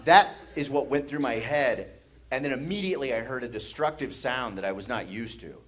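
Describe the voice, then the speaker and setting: A man's voice: mid-range voice, fairly quick. A man from the American Midwest doing stand-up comedy, telling a story with laughter and sound effects on a comedy stage.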